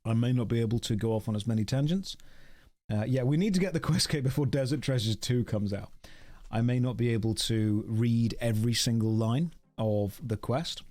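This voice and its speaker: Uk guy streaming a game, just rambling at his chat, wry and a bit self-mocking, mid pitch, streamer desk mic. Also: normal speed, darkish tone. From United Kingdom. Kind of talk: casual live-stream chat while gaming.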